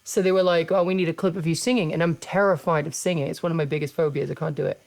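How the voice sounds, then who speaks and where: Hosting a casual chat, this English-accented podcaster and wrestler in her thirties is laid-back and blunt, with plenty of swearing. She has a deep, creaky, slightly mellow voice, racing along with fairly even intonation.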